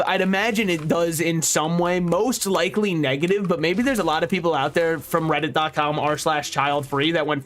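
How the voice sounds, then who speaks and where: A young man from Maryland giving casual gameplay commentary as a streamer, full of sardonic, dark deadpan jokes. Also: fairly high pitch. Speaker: VTuber streamer. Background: faint game music.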